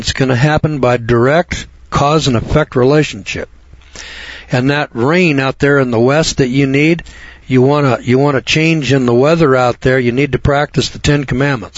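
A man's voice: medium pitch, no echo. Older man ranting on talk radio. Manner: folksy, ranting, rises to loud emphatic peaks. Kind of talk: preachy talk radio monologue. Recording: dull dry lo-fi recording.

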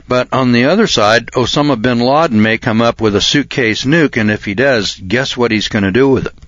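A man giving an insistent speech, often clearing his throat and restarting his sentences. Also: medium pitch, fairly quick, fairly bright tone, no room sound. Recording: dull lo-fi recording.

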